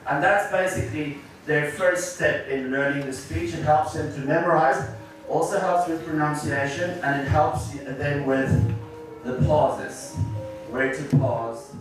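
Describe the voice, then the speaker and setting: Guy running a teacher workshop, kinda high voice, super echoey hall sound, mic far off. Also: steady tone, measured pace, soft background music. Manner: explanatory, encouraging, asks audience questions. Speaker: teacher trainer. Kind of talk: workshop presentation. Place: large echoey room with audience. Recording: echoey room recorded from afar.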